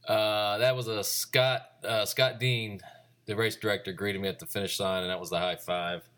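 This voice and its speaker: A deep-voiced man in his forties talks through his own race in a loose, meandering solo recap. He wanders from point to point, stopping often to hesitate and restart his sentences. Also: little pitch movement, fairly bright tone. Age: 40s. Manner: rambling, unhurried, with many "uh" pauses and restarts.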